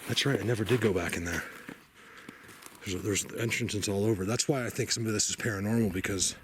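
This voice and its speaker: A man's voice: lowish voice, brisk. A man from New Jersey rambling casually as he films a walk through mountain woods, joking and talking to his viewers. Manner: rambling, chatty, joking asides. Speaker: bigfoot researcher vlogger. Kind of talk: walking vlog narration. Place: outdoors in mountain woods and a cave. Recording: noisy outdoor ambience.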